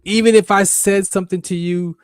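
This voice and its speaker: A man's voice: sits high, fairly even intonation, fairly quick, smooth, no echo. A man hosting a radio show, giving an emphatic, repetitive faith talk monologue in a preacher-like way.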